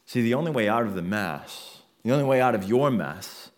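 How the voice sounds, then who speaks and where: A man's voice: mid-range voice, expressive, normal speed. A man preaching a sermon as a pastor, earnest and building intensity through repeated phrases.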